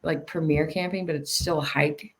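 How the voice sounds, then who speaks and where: A woman's voice: deep voice, steady tone, moderate pace. A woman in her thirties, a podcast guest, telling stories in casual chat, laughing often and restarting her sentences.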